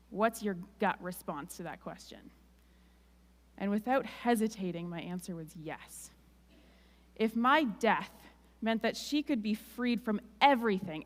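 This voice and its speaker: Woman speaker, Canadian accent, candid and heartfelt sermon storytelling, long hall echo. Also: a little high. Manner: candid, emotional, conversational with "like" asides. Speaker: guest speaker. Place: church hall.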